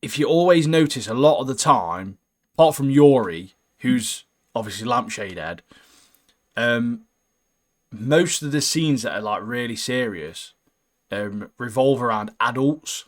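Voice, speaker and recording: A man chatting casually about an anime as podcast co-host, slangy and animated, trailing off quietly at the ends of lines. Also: mid-range voice, a little slow. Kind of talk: casual anime recap chat.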